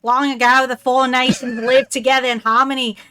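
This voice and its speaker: A woman's voice: high-pitched, flat delivery, a little fast, bright, forceful tone, clean tone. A woman voicing an epic cartoon-intro narrator in a put-on Australian accent, mock-grand and giggly.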